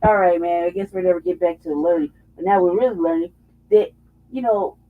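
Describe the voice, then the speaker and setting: A woman's voice: on the low side, fairly quick. A woman talking heatedly and profanely in a casual political chat, often mocking others in put-on voices. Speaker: co-host. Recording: dull lo-fi audio.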